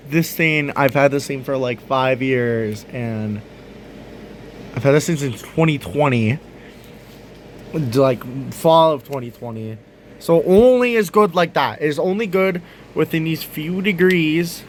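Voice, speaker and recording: A man's voice: a little high, measured pace, a little hiss or hum. A young man ranting on video, exasperated and swearing, often breaking into laughter. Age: young adult. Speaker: vlogger. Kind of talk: profane rant video.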